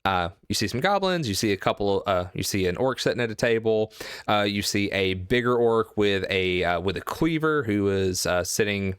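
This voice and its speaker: Brief: male game master, lively up-and-down delivery, smooth voice, halting with lots of ums. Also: on the low side, dry recording, clean studio sound. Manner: halting, many fillers and restarts. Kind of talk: narrating a tabletop game live.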